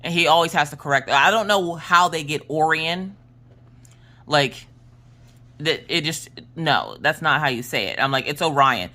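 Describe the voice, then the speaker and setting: Craft vlogger mom, lowish bright voice, chatty storyteller who laughs a lot. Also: female voice, a little slow. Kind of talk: casual storytelling chat while crafting.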